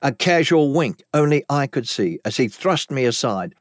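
A man narrating a story in the first person with dramatic, expressive delivery. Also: medium pitch, normal speed, no room sound. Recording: dry close recording.

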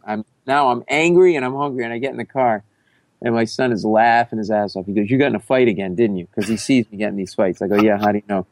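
Animated, profane man telling a story. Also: lowish voice, quick pace, no echo. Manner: profane, loud, jumps into shouting reenactments. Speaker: comedian guest.

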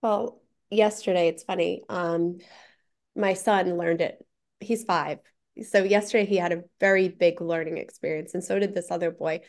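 A woman's voice: lowish voice, steady tone, moderate pace, a little mellow. A woman guest telling a story in casual conversation, full of chatty "like" fillers.

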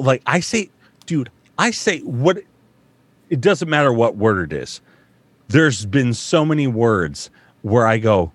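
A man's voice: medium pitch, animated, a little slow, slightly rough, no room sound. A man in his thirties who works as a voice actor, chatting casually in a rambling, profane, self-mocking way. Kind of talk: casual podcast chat. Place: home studio.

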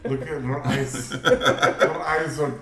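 A man's voice: medium pitch, little pitch movement, slow pace, distant mic, a loud crowd. A man co-hosting a casual chat, teasing the others. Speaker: podcast co-host. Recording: echoey room, off mic.

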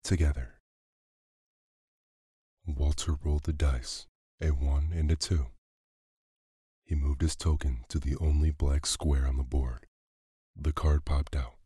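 Very deep, flat-voiced male bedtime narrator. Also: unhurried, slightly rough, no echo, studio quality. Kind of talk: calm bedtime story narration.

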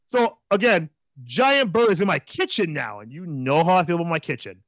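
A man in his thirties co-hosting a podcast, telling a story in a casual, profane and animated way, laughing often. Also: on the high side, fairly quick, dry recording. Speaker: podcast co-host.

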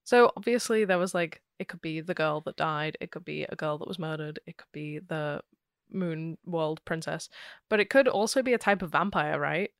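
A woman with a lower voice co-hosts a podcast in loose, casual chat. She talks with lots of "like" and acts out little quoted asides. The recording is close and dry. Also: moderate pace, smooth, no echo. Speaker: podcast co-host.

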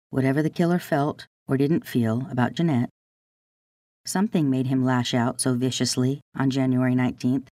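A podcast host reading a scripted true-crime narration in a measured, deliberate way. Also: mid-range voice, a little mellow, no echo, studio quality. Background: faint guitar music.

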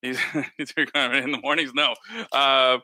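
A man's voice: mid-range voice, flat delivery, takes it slowly, bright, forceful tone, no echo. A man hosting a casual chat over a video call, laid-back, swearing casually and laughing often. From Miami. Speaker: host.

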